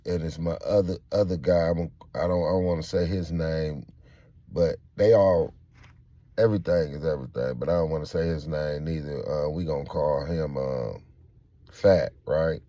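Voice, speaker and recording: Gravelly deep-voiced man telling a story. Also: dry recording. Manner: loose slang-filled talk with many fillers and asides; acts out quoted people, jumping much higher when excited. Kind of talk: casual true-crime storytelling.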